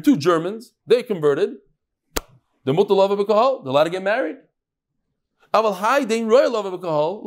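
A high-voiced man leads a Talmud class with a voice that swoops up and down. He teaches by firing rhetorical questions at his students and often breaks off and restarts his sentences. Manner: animated, fires rhetorical questions, frequent restarts.

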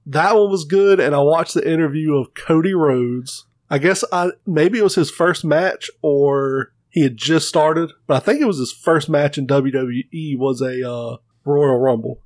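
A man's voice: fairly high pitch, a little slow, few pauses, no room sound, clean studio sound. A man co-hosting a casual podcast, swearing freely as he retells stories and acts out the quotes. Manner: profane, animated retelling with quoted voices. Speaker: podcast co-host. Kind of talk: casual chat, storytelling.

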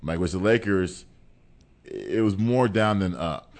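Male host, very low voice, casual and animated sports chat with lots of repetition. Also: a little slow, creaky. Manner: animated, repeats words, laughs often.

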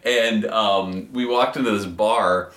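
A man's voice: fairly low pitch, takes it slowly, roomy sound. A man in a band who also does stand-up, telling stories in casual chat, laughing and acting out the people in them. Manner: animated, laughing storyteller doing voices. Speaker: band member and stand-up comic. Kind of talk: casual storytelling.

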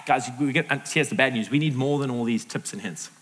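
A middle-aged man preaching a sermon to a live audience, lively and acting out the voices he quotes. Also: medium pitch, fairly quick. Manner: animated, acts out quoted voices. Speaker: pastor. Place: large hall with audience. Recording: reverberant hall.

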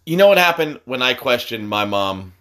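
A middle-aged man, a father, ribbing his son in casual banter, loud and exasperated, swearing often and bursting into high shouts. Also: big pitch swings, normal speed.

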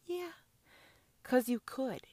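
A woman's voice: high voice, expressive, slow pace, mellow, dry recording. Woman ranting on her podcast, cussing a lot, asking how dare they, dry mic. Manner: fiery, profane, rhetorical questions. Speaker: podcast host. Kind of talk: opinionated monologue.

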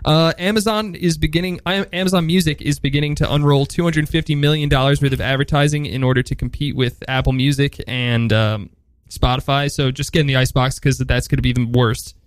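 A male radio host chatting casually and joking, tripping over his words now and then. His voice sits a little high. The sound is dry and close. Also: steady tone, fairly quick, smooth, no room sound. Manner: joking, stumbles and restarts. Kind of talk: casual chat.

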